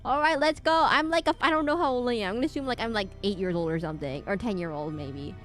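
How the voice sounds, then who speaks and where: With faint game music behind her, a woman with a mid-range voice talks at a quick pace through a horror game. She reads the on-screen text aloud and tosses in dry, wry remarks in a relaxed let's-play style.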